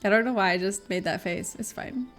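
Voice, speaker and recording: A chatty woman streamer talks through her game to her viewers, giggling often and swearing now and then. Her voice sits in a middle pitch, with faint music playing behind her. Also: a little fast, a bit bright. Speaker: live streamer. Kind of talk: casual chat while gaming on stream.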